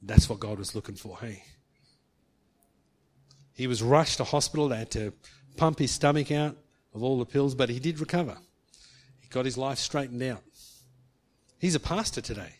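A man's voice: mid-range voice, moderate pace, long pauses. A man preaching a sermon, earnest, acting out quoted speech and rising to emphatic peaks. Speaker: pastor.

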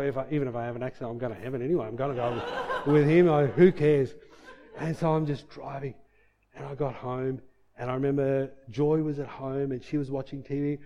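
A man's voice: mid-range voice, fairly quick, dark tone. A middle-aged man sharing a personal faith testimony in an earnest, emotional way, with many fillers and reenacted quotes.

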